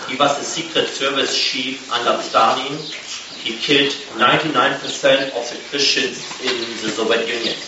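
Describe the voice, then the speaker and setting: Quiet distant man in an echoey room. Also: medium pitch, steady tone, moderate pace. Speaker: congregation member. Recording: distant, echoey, lo-fi with clear noise.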